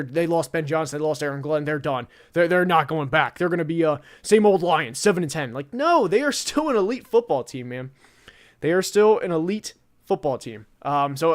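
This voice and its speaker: A man's voice: a little high, clean tone. A young man hosting a casual football podcast, rambling with lots of fillers and restarts. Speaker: podcast host.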